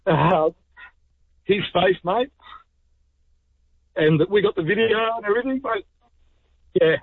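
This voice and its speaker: A man's voice: sits high, slow, gravelly, husky, dry recording. An Australian man calling a radio show, heartfelt and a little emotional. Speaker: caller. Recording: phone line.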